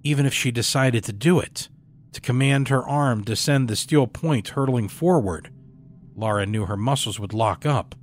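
A man reading a horror story aloud in a measured, dramatic storytelling delivery. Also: mid-range voice, soft background music. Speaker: story narrator. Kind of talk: scripted horror narration.

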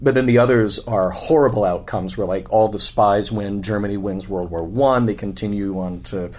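Low-voiced man with a scratchy voice. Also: moderate pace, a little mellow. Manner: musing, enthusiastic, restarts often. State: scratchy voice after a convention. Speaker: podcast host. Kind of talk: casual conversation. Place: hotel room.

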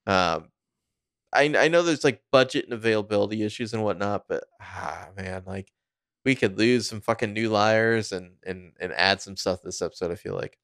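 A man's voice: lowish voice, moderate pace, fairly bright tone, no room sound, clean studio sound. A man co-hosting a podcast, rambling through a TV recap in a laid-back, wry way. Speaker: podcast co-host. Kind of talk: casual TV recap chat.

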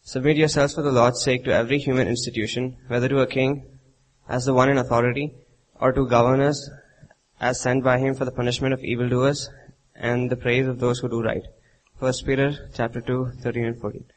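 A preacher reading a sermon text aloud with a measured, even delivery. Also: male voice, medium pitch, slight background noise, rough recording.

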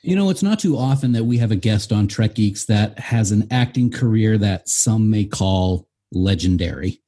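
A man's voice: lowish voice, animated, normal speed, warm tone, husky. A man hosting a podcast, earnestly introducing a guest and asking interview questions. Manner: earnest, builds up lists with emphasis. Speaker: podcast host.

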